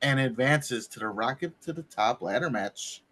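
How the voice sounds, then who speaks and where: A man on a podcast recapping match results in a slow, halting way, with many ums. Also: medium pitch, animated, a bit bright. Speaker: podcast co-host reading results. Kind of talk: casual recap of wrestling results.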